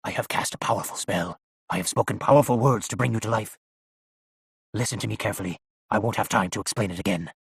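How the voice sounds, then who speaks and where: An old scheming sorcerer in an audiobook, hushed low voice, husky, dry sound. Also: male voice, fast, no echo, heavily acted. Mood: commanding. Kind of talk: audiobook narration.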